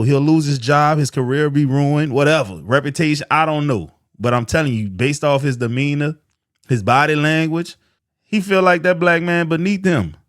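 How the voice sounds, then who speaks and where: A man hosting a reaction video, giving casual, slangy, animated commentary over a clip he is playing. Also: mid-range voice, dry recording, studio quality.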